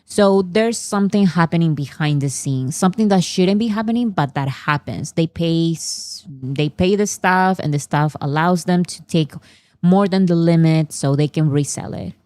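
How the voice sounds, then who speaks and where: A woman's voice: lowish voice, normal speed, dark tone, dry recording, clean studio sound. A woman hosting a casual commentary, translating fan clips in a chatty way with fillers and restarts. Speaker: host.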